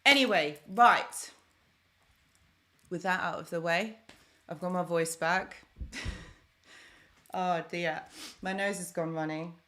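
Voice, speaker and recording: A woman's voice: fairly low pitch, slow, pauses often, bright, forceful tone. A young woman chatting on a live stream, thanking viewers by name as she talks. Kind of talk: casual live stream chat.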